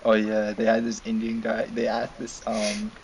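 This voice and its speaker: A young man chatting on a game stream, telling stories in an excitable, rambling way full of fillers. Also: on the low side, normal speed. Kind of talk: casual chat during a game stream. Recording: noisy home stream audio.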